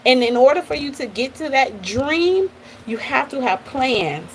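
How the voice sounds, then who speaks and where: Woman host, motivational live-stream talk, lively and direct, fairly high voice, slight background hiss. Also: a little slow, poor audio. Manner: animated, addresses listeners as y'all, repeats okay.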